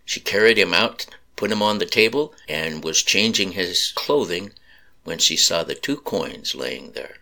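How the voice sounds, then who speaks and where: A man slowly narrating a sad story in a solemn reading voice. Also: sits low, lively intonation, vocal fry, bright, forceful tone.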